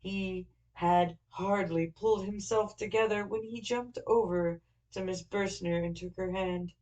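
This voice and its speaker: A woman's voice: mid-range voice, fairly even intonation, a little slow, darkish tone, poor audio. Woman narrating a classic novel. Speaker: audiobook narrator.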